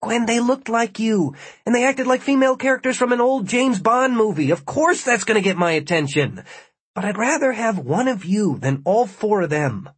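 A narrator plays a cornered young man, his voice pitched high and strained as he pleads. The tone stays husky and the sound is dry. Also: sing-song, normal speed, full character voice. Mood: exasperated. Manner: pleading, rising exasperation. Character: exasperated young man, cornered and talking fast.

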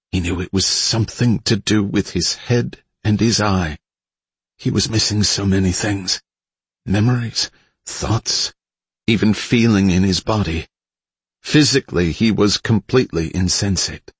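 A man narrates a story in a deep, husky voice. His reading is measured and dramatic. The recording is dry and close, with no room sound. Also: no room sound. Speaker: audiobook narrator. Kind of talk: scripted narration.

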